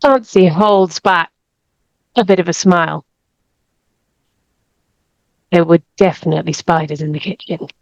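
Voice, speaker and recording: A woman's voice: lowish voice, unhurried, creaky, long pauses, dry recording. Woman storyteller, dull muffled sound. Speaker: author and storyteller. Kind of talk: improvised storytelling.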